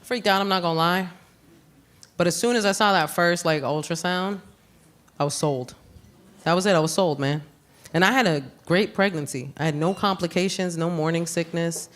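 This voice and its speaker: A woman with a New York accent performing live stand-up comedy, brash and animated, with sudden loud jumps on her punchlines. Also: lowish voice, normal speed. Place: comedy club stage with audience. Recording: live club recording with room noise.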